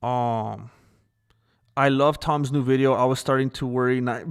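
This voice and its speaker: A man's voice: medium pitch, fairly even intonation, unhurried, clean tone. A man chatting casually on a live stream, rambling about fighting and snacks, laughing often and answering his chat.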